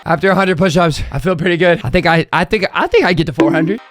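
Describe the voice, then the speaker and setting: A young man giving excitable let's-play commentary on a football game, yelling at big moments and talking in casual slang. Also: a little high, fast, faint music behind. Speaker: gaming YouTuber.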